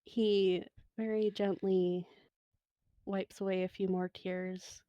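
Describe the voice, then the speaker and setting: Gm lady narrating a tabletop game, slow and soft, mid pitch, dry sound. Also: level tone, no room sound, muffled recording. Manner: soft, unhurried, emotional narration with laughs. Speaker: game master.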